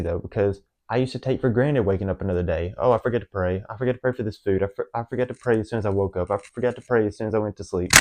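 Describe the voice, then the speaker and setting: Over heavy background noise, a young adult vlogger confesses something personal to the camera in a lowish, drawling voice. He speaks at a quick pace and rambles earnestly, stumbling through fillers and restarts.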